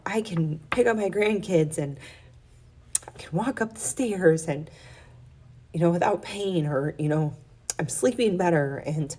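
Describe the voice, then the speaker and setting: A woman's voice: fairly low pitch, measured pace, pauses often, warm tone. A woman fitness coach giving an earnest, encouraging and emotional pep talk in a casual vlog. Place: her workplace on an off day.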